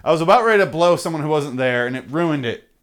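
A man's voice: a little high, lively intonation, fast talker. A man hosting a podcast, ranting in a profane, rambling, jokey way through the show's sign-off. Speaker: podcast host. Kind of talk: rambling comedic podcast outro.

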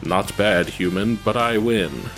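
A man's voice: on the low side, slow pace, a bit bright, faint music behind. Goldar, a sneering space monkey warrior, read by a man. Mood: gloating. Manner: gloating, taunting.

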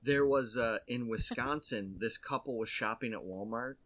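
Man, casual comedy host, rambling and jokey, even middle pitch, slips into quick put-on voices when telling a story.

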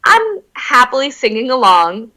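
A young woman telling stories in casual chat, candid and full of filler words, swearing freely with quick asides. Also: sits high, low-quality recording. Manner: animated retelling with quick asides.

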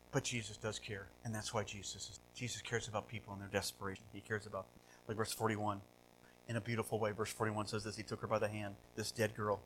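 A male pastor preaching a sermon, asking rhetorical questions and swinging between loud, animated passages and hushed ones. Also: fairly low pitch, a little hiss or hum, poor audio. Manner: rhetorical questions, repeats words.

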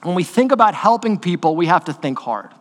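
Male pastor, high voice, animated conversational sermon, live in a reverberant church. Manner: conversational, animated storytelling with quick asides. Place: church sanctuary. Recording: long hall reverb in a church.

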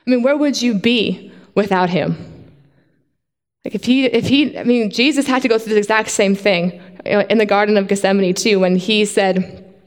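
A woman preaches a sermon in a lively way, asking her listeners questions. Her voice is mid-pitched and carries a long hall reverb, as in a church. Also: moderate pace. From not from Australia. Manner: lively, asks the congregation questions.

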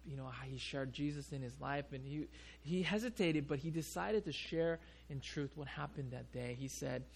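A male pastor preaching a sermon, telling a story in an animated way and often restarting his sentences. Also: mid-range voice, normal speed, vocal fry, hardly any pauses.

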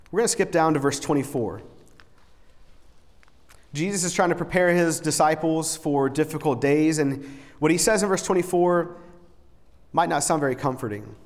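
A man delivers a sermon in a church sanctuary, his voice sitting a bit higher than most men's. He talks earnestly and conversationally, often stumbling back over a word before pressing on. A long reverb trails each phrase through the big room. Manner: earnest and conversational, often repeats words and restarts. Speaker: preacher. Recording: long reverb in a large hall.

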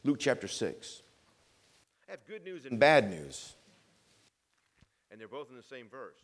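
A man preaching a sermon, repeating phrases for emphasis and swinging between loud emphatic lines and quiet asides. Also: medium pitch, sing-song, a little slow. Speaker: pastor.

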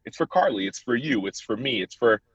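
A man's voice: mid-range voice, animated, brisk, slightly rough, no echo. A man in his thirties, a football player guest on a podcast, telling his story earnestly and acting out old conversations. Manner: earnest, retells dialogue with rising voice. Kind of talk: candid interview storytelling. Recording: dull, dry, lo-fi sound.

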